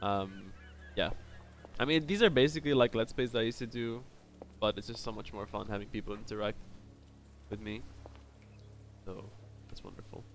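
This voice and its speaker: A man's voice: on the low side, moderate pace, long pauses, a little hiss or hum. A man streaming a game live, joking and chatting playfully with viewers. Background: game music.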